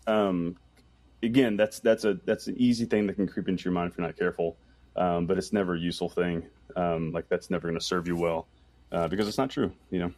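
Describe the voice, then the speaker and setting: Podcast guest, very low male voice, dry close sound, rambly and chatty. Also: no echo. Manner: rambling, heavy use of "like", animated when telling stories. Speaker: podcast guest, camera operator. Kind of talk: casual interview chat.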